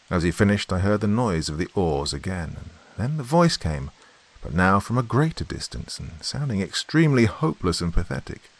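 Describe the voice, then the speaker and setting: A man hosting a horror podcast, reading a classic tale in a measured, suspenseful way. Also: sits low, very animated. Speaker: horror story podcast host. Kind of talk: dramatic story reading.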